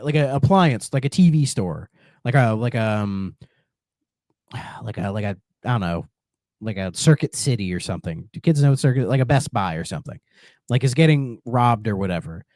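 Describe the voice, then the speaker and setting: A man's voice: medium pitch, no echo, clean studio sound. A man co-hosting a podcast, chatting casually and in a rambling way about retro games. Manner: rambling, animated, acts out game lines in silly voices. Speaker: podcast co-host.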